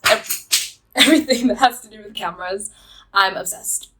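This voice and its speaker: A woman's voice: mid-range voice, moderate pace, fairly bright tone, poor audio. A young woman vlogging, telling rambling stories to camera with lots of fillers and giggles. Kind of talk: casual storytelling to camera.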